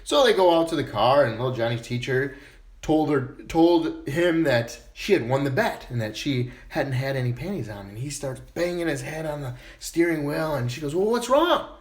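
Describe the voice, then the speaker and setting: A man casually telling jokes in a relaxed storytelling manner. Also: mid-range voice, moderate pace. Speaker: joke teller. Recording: echoey room.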